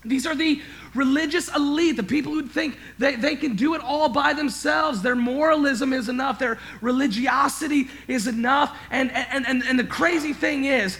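In an extremely high-pitched voice at a moderate pace, a pastor preaches an emphatic sermon. He swings from quiet to loud and stammers and repeats words when he gets worked up.

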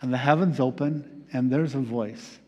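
A man preaching a reflective sermon as pastor, pausing often with fillers. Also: mid-range voice, a little mellow, breathy edge, muffled recording. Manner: reflective, halting with many fillers. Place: church sanctuary. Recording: long reverb of a large hall.

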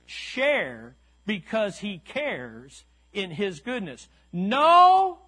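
Slow, high-voiced preaching man. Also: a bit bright. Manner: emphatic, repeats key lines slowly; calls to the congregation. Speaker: pastor. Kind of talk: sermon.

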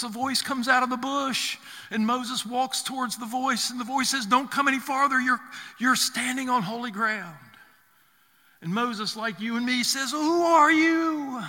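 A man preaching a sermon, halting and restarting often as he builds each point. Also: a little high, pushed and bright. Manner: halting, with many restarts and fillers. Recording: reverberant church hall.

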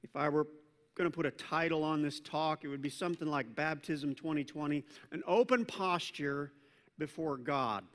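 A man preaching a sermon as pastor, animated in his storytelling, acting out scripture voices, and dropping self-deprecating asides. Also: a little high, moderate pace, in a large hall.

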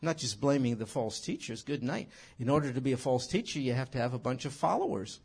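A man teaching scripture in an animated sermon, emphatic and full of rhetorical questions. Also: medium pitch, fast, creaky, breathy edge. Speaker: Bible teacher.

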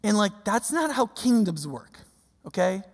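A man's voice: high voice, big pitch swings, measured pace, creaky. A man, a pastor, preaching a sermon in a conversational way, full of rhetorical questions and casual fillers. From United States. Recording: long reverb of a large hall.

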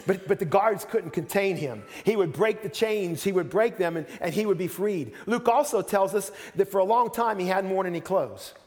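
A man's voice: high-pitched, normal speed, few pauses, a little mellow, in a large hall. A man preaching a sermon as pastor, earnest, often repeating words as he starts a sentence.

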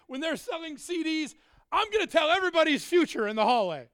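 A middle-aged man preaches with a strikingly high, lively voice, joking with the crowd and swinging from shouts to quiet asides. The sound is close and dry, with no room around it. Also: brisk, no echo. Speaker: pastor. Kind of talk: humorous sermon.

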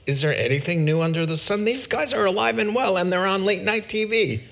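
A man's voice: high voice, a little fast, vocal fry, a bit bright. A man preaching a sermon as pastor, emphatic and repeating words for stress.

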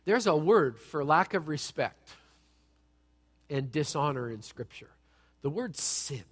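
A man giving a sermon as a pastor, with an animated, conversational delivery that jokes and asks the audience questions. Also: on the high side, slow pace. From United States. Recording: long reverb from a large hall.

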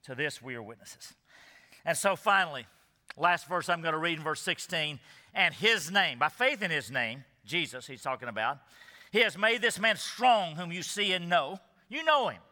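Emphatic high-voiced preacher, echoey hall. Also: male voice, very animated, normal speed, pushed and bright. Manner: earnest, emphatic preaching with rhetorical questions. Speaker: pastor. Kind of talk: expository sermon.

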